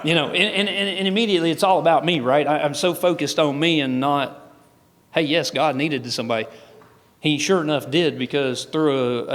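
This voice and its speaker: A man with a medium-pitched, fairly bright voice gives a folksy testimony as a guest speaker, often starting his sentences over. The setting is a large event hall with long reverb.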